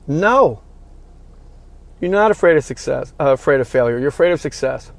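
A man's voice: fairly high pitch, lively intonation, moderate pace, vocal fry. A man hosting a podcast, giving a blunt, fervent motivational talk full of swearing. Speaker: podcast host. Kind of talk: motivational monologue.

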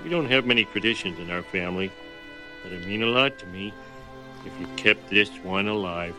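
A man's voice: on the low side, fairly quick, natural voice. A man doing a goofy, crude cartoon dad. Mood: sentimental. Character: bumbling middle-aged dad, crude joker. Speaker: father of the bride. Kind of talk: cartoon voice acting. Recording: clip with music behind.

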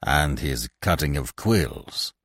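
A man voicing a gruff, sardonic male stage clown who growls his jibes. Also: very deep voice, expressive, slow, fairly bright tone, no room sound, clean studio sound, voice pushed down, heavily acted.

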